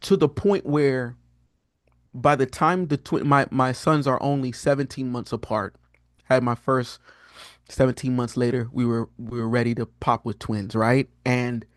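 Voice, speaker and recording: A man in his thirties tells a story from his own life in a casual, heartfelt way. His pitch sits in the middle but leaps up when he acts out his own words, and he often stumbles and restarts. The sound is dry and close, with no room echo. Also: unhurried. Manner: animated, rises sharply in pitch when quoting himself; frequent fillers and restarts, earnest and candid. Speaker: podcast guest, prophetic teacher.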